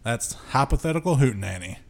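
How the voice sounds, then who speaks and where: A man's voice: medium pitch, animated, a little fast, vocal fry. A man co-hosting a podcast, introducing segments and making easygoing, jokey remarks. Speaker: podcast co-host. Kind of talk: casual chat, introducing a segment.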